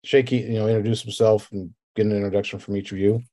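Mellow-voiced man running a tabletop game. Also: lowish voice, level tone, fast talker. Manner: rambling, fills with "and everything else". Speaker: game master.

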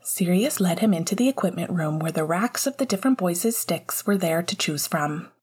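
A woman narrating a novel chapter in a low, breathy voice. Her delivery is soft and often slips into a near whisper. The reading feels close and quiet. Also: animated, moderate pace. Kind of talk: audiobook reading of fiction.

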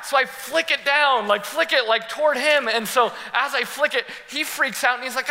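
A young man preaching a sermon as pastor, telling stories in a lively way, laughing and acting out the scenes. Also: extremely high pitch, moderate pace, few pauses. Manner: animated, laughing storyteller who acts out scenes. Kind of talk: sermon with personal storytelling. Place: church hall. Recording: long hall reverb.

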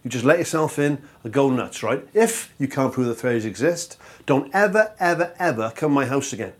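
A man's voice: mid-range voice, lively intonation, moderate pace. A man co-hosting a comedy show, sarcastic and exasperated in his replies. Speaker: comedy co-host. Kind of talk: sarcastic comic banter.

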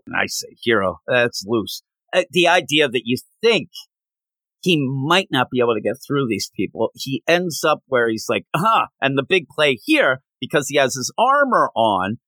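Lively guy riffing on comics, does goofy voices for the characters, kinda high voice. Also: normal speed, no echo. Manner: animated, acts out characters' lines in silly voices. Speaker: comic book podcast host. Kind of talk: casual chat.

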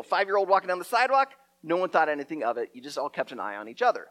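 A middle-aged man telling a story as a preacher, animated and often repeating his words. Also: fairly high pitch, quick pace. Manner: lively storyteller, acts out shouted quotes, stumbles and repeats words.

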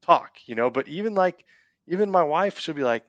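A man's voice: fairly high pitch, lively intonation, fairly quick, no room sound, lo-fi sound. A man from the United States as a podcast guest, talking in a laid-back, enthusiastic way and swearing casually. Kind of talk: casual chat.

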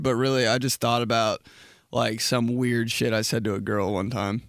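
A young man hosting a solo podcast, rambling and profane, breaking into loud impressions. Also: mid-range voice, fast, no echo, clean studio sound. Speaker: podcast host. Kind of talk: casual solo podcast monologue.

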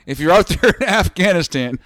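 A man's voice: sits high, animated, fairly quick, a bit bright, no room sound. Profane rambling podcast co-host man. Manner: profane, rambling storytelling with quoted voices. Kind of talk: casual chat.

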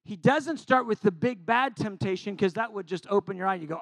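A middle-aged male Bible teacher preaches in a casual, animated way, with a fairly high, gravelly voice. He acts out little quotes and pokes fun at himself. The sound is close and dry. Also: brisk, hardly any pauses, dry recording. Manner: animated and conversational, acting out quotes with self-deprecating humor. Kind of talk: informal sermon.

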